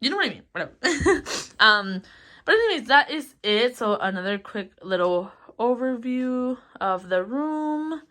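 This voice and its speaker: Young woman rambling through a room tour, bright voice, lots of ums and little laughs. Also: fairly high pitch, big pitch swings, measured pace. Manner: chatty, rambling, giggly, lots of ums and likes. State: a bit out of breath. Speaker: vlogger. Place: small bedroom.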